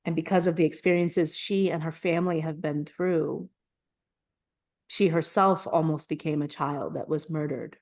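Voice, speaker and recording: A woman's voice: sits low, normal speed. A woman co-hosting a podcast, talking in a casual, earnest way and laughing often as she shares personal stories. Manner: animated storyteller, laughs often, earnest and emotional. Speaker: podcast co-host. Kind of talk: casual conversational podcast chat.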